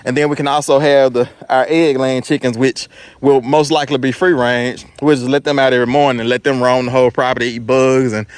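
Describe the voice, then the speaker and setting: A man filming a casual farm vlog, walking and talking in a relaxed, rambling way with lots of fillers. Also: medium pitch, fairly quick, clean tone, dry recording. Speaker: farm vlogger. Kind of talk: casual walk-and-talk vlog. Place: small farm, outdoors then indoors in a house. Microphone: handheld camera.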